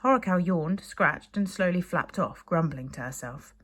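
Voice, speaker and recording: Lively woman teacher reading a story aloud. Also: lowish voice, moderate pace. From United Kingdom. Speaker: primary school teacher. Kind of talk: reading a children's book aloud to a class.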